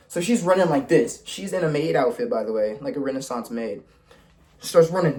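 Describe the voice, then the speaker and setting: Animated young man telling a story. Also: on the high side, moderate pace. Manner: animated storytelling with slang and swearing; voices the people in his story. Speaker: vlogger. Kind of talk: casual storytime vlog.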